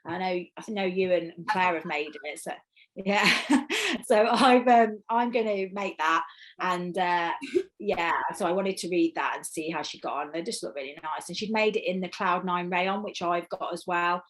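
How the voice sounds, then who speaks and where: A woman's voice: fairly low pitch, normal speed, low-quality recording. Chatty, enthusiastic woman guest. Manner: enthusiastic, chatty, with restarts and laughs. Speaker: interview guest. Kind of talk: casual chat.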